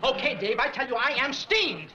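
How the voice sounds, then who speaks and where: A man's voice: sing-song, moderate pace. A man playing a peevish radio announcer who reads ads in a 1960s sitcom. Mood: peeved. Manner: peevish, ad-reading pitchman. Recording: lo-fi 1960s TV audio, loud hiss.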